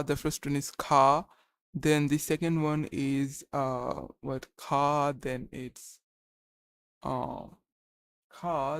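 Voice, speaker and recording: A young man on a live study stream, thinking aloud and slowly sounding out syllables, pausing to check himself. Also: fairly high pitch, fairly bright tone, clear, resonant tone, dry recording, clean studio sound. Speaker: language learner streaming study session.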